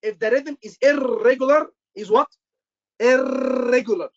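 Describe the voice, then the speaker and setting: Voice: high-pitched, unhurried, dull audio. Repetitive instructor quizzing a live class. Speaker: medical exam instructor.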